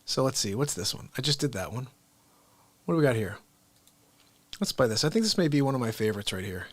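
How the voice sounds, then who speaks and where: Soft-spoken rambling male host. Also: mid-range voice, very animated, quick pace, no echo. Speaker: live show host. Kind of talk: casual chat.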